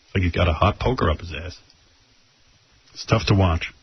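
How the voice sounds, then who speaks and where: A man's voice: low voice, normal speed, slightly rough, dry recording. A male radio host in crude, joking casual chat. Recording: muffled radio broadcast.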